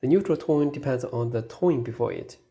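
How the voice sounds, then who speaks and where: A man teaching a beginners' pronunciation lesson in a scripted, deliberate way, holding out model syllables for the listener to repeat. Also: medium pitch, dark tone. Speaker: language teacher.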